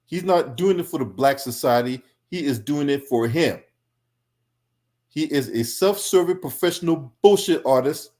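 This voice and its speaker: A man's voice: a little high, expressive, normal speed, a little mellow. Angry, profane man in heated commentary. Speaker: political commentary streamer.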